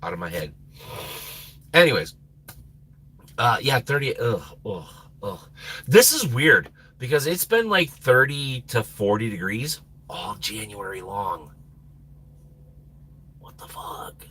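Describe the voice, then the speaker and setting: A man hosting a live stream chats in a loose, rambling way, laughing and losing his train of thought. His voice is bright and slightly husky, and it swoops up and down in pitch. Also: animated, measured pace, long pauses. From Minnesota. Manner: rambling, laughs often, trails off. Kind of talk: casual live stream chat.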